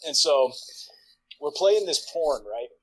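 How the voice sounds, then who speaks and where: A man in his forties, a podcast guest, telling a long profane anecdote in a rambling way full of "like" and quick laughs. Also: on the high side, animated, slightly rough, poor audio. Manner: rambling, profane, filler-heavy, laughs mid-sentence. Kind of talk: casual storytelling anecdote.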